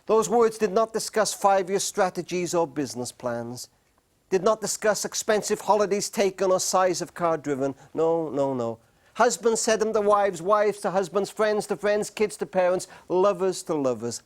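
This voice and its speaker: A middle-aged man giving an earnest storytelling talk on marriage to a live studio audience, slowing down and pausing for emphasis. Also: high voice, animated. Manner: earnest, with slow emphatic pauses. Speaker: speaker on marriage.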